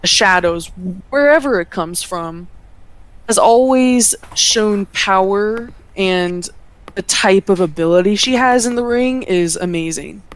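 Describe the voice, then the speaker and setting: A woman wrestler talks through her answers at an ordinary pitch in a casual sit-down interview. She is earnest and measured, and stretches out key words when she wants to make a point.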